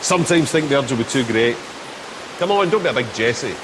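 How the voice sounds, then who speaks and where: A man acting as a soft-spoken man, coaxing and faintly menacing in a TV drama, his mid-pitched voice set against steady rain hiss. He presses and teases without raising his voice. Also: brisk, lightly acted. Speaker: soap opera character.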